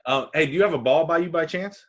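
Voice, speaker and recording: A man's voice: on the high side, quick pace, a bit bright. A man hosting a baseball podcast, chatting in a friendly, joking way with his guest. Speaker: podcast host. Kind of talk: casual interview chat.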